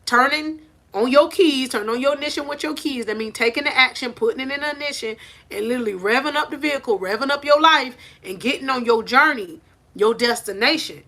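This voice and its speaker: Woman preaching motivation into her phone on the porch, bright and a bit high, keeps saying it with emphasis. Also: a little fast. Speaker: life coach. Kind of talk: motivational talk to camera. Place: on a porch outdoors. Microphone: phone held in hand.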